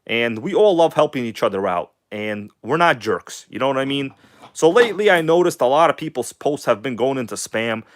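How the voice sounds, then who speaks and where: A man's voice: mid-range voice, fairly quick, no room sound, clean studio sound. Chatty man hosting a hobby livestream. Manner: chatty, swings between animated showman tone and mumbled asides. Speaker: livestream host. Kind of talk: casual livestream chat while working on a model engine.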